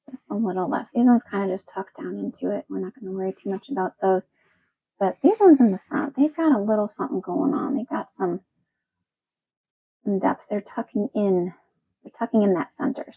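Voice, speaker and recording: A woman's voice: medium pitch, slightly rough, dry recording, phone-quality sound. A woman teaching a step-by-step painting lesson in a chatty, playful, self-encouraging way. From Wisconsin. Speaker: painting instructor.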